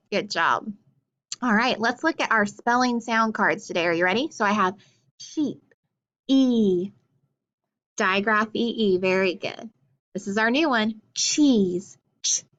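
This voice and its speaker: A woman's voice: fairly high pitch, pushed and bright, lo-fi sound. A woman teaching a phonics lesson, carefully sounding out letters and words and praising often. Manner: slow, clearly enunciated letter sounds with frequent praise. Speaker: reading teacher.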